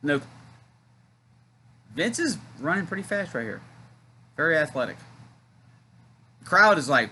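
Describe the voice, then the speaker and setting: A man hosting a wrestling watchalong, giving excited play-by-play with loud shouted counts and chatty asides. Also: a little high, normal speed, long pauses, a little hiss or hum. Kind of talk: excited live play-by-play commentary.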